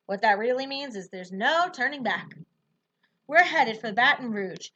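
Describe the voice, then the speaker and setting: A woman reading a novel aloud in the first person, with expressive, lively storytelling. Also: fairly high pitch. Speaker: audiobook narrator.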